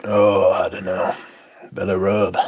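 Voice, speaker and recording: At home, a man hosts a livestream, chatting casually and reading out viewer comments in a rambling way. His voice is low, monotone, and slow, with a breathy edge.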